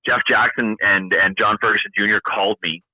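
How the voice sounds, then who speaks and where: Man, low voice, animated storyteller, acts out dialogue, tinny phone line, dry sound. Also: brisk, dry recording. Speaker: podcast guest, retired hockey player. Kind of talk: casual storytelling interview.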